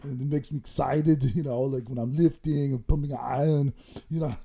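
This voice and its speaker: A man's voice: mid-range voice, steady tone, normal speed, vocal fry, mellow, slightly rough. A man doing a comic impression of a boastful bodybuilder, rambling and giggling through mock threats. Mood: gleeful menace. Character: boastful bodybuilder impression, male, middle-aged, menacing-jolly. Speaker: comedy guest in character.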